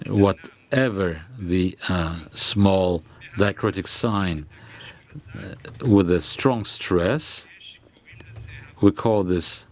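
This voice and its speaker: Slow, hesitant male lecturer. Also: low voice. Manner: slow and hesitant, with frequent fillers and restarts. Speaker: lecturer on grammar. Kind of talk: halting lecture explanation.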